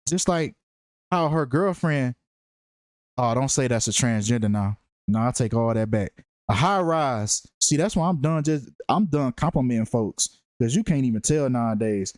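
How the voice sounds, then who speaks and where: A man's voice: mid-range voice, expressive, normal speed, a little mellow, no room sound. Slangy man with a dry, close sound. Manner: slangy, emphatic, repeats phrases for effect. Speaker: true-crime numerology commentator. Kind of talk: casual profane commentary monologue.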